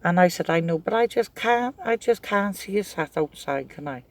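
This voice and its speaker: A middle-aged man with a high-pitched, animated voice talks at normal speed as a craft vlogger. He's chatty and rambling, laughing as he tells his casual stories.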